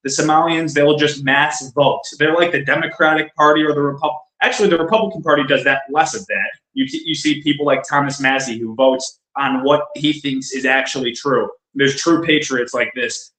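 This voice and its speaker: In a casual political discussion, a man co-hosting a podcast speaks bluntly and emphatically, frequently saying things twice. His high-leaning voice is sharp in tone and a little fast with few pauses, heard through a roomy echo.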